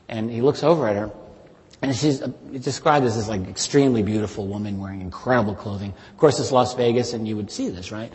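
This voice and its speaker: A man's voice: fairly low pitch, fast talker, a little mellow. Man telling eerie stories in a reverberant hall. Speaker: speaker giving a talk. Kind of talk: public talk retelling witness stories. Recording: long reverb of a large hall.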